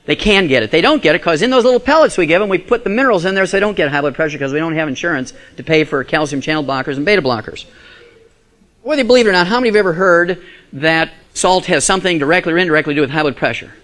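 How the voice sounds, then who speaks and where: Fast, folksy male lecturer. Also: fairly high pitch, expressive, a bit bright. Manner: folksy, emphatic, rhetorical questions. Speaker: lecturer on health. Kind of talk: live lecture to an audience.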